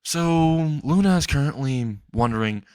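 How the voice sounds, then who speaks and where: A man casually narrating an improvised fan-fiction story, rambling and excitable, swearing freely and briefly voicing the characters. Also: a little high, a little slow, clear, resonant tone, no room sound.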